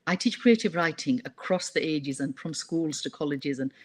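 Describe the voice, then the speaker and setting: A woman, a poet and writing teacher, reading her poem and telling animated stories in a radio interview. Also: low-pitched, normal speed, slightly rough. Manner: animated storytelling, mixes languages.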